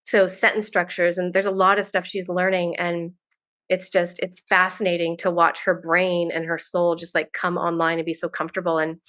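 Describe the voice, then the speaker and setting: A woman's voice: fairly low pitch, little pitch movement, moderate pace, a bit bright. Effusive woman rambling as a podcast guest. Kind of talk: casual interview chat.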